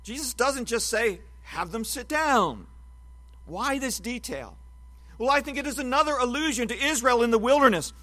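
A man with a high, forceful voice delivers an expository Bible sermon. He teaches in a measured, emphatic way, leaning hard on key words. His tone stays bright and clear throughout. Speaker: preacher.

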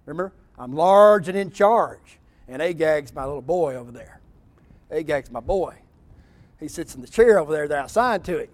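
Brief: a smug, preening king put on by a preacher, high and showy. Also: lively intonation, moderate pace, natural voice. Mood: boastful. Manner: smug, preening, mock-pious. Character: boastful self-justifying male king.

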